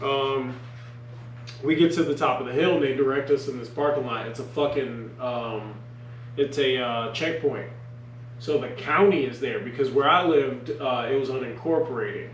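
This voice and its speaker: A man's voice: medium pitch, normal speed, roomy sound. Man, casual storytelling, profane, rambling, lots of fillers, distant mic, faint background noise.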